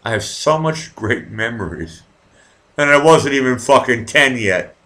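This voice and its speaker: A man's voice: medium pitch, lively intonation, a little slow. A man, ranting profanely while chatting live with viewers and reading their comments. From Massachusetts, near Boston. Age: 40s. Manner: profane, rambling and ranting, swings from mumbling to loud outbursts. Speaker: live stream host.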